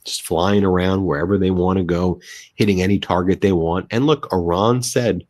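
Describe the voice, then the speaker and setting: A man's voice: low-pitched, steady tone, normal speed, darkish tone, dry recording. A young American man giving indignant, emphatic political commentary. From United States.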